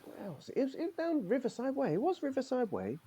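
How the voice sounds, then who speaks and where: A man's voice: extremely high pitch, wildly swooping pitch, quick pace, mellow, breathy edge, full character voice. Kelvin, a man playing a proud old-school Morris dancer. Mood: recalling. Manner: opinionated, rambling, says "aye". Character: proud middle-aged male Morris dancer, fussy. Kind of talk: improvised character role-play.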